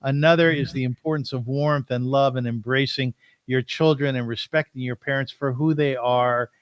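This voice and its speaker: A man hosting an interview podcast in a mid-pitched voice. He speaks earnestly and encouragingly, recorded dry with no room echo. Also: steady tone, moderate pace, clear, resonant tone. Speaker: podcast host.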